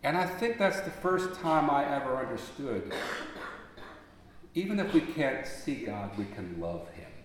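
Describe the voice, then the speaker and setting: A man preaching a sermon, telling stories, then rising into emphatic appeals before dropping back to a soft voice. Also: mid-range voice, very animated, a little slow. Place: large church sanctuary. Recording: long echo of a large church hall.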